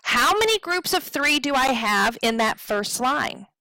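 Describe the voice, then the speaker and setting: A woman's voice: high-pitched, animated, measured pace, bright, forceful tone, dry recording, rough recording. A woman teaching poetry meter in a recorded tutorial, explaining patiently, checking in with "okay?" and drawing out words to show stress. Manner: draws out words to demonstrate stress.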